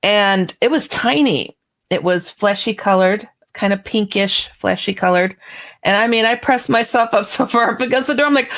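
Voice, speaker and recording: A woman guest author telling a story on a radio interview, animated and chatty, laughing now and then. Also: medium pitch, normal speed.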